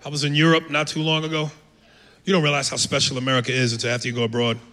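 A man doing a brash, profane stand-up set on a comedy club stage, with loud acted-out voices. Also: mid-range voice, monotone, very fast. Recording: live club with long reverb, noisy.

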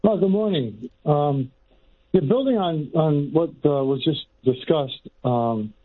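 A man's voice: a little high, expressive, slow, breathy edge. A male caller asking the guest a question over a tinny phone line. He hesitates, filling gaps with ums and uhs, and his voice sits in a middle range. The line sounds narrow and thin. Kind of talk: call-in radio.

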